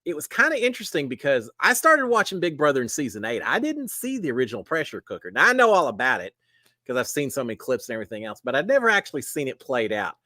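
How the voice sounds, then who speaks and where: A man's voice: mid-range voice, sing-song, fast talker, sharp tone, no echo. A middle-aged man, hosting a casual live stream and greeting viewers one by one in a folksy way. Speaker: live show host. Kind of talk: casual livestream chat.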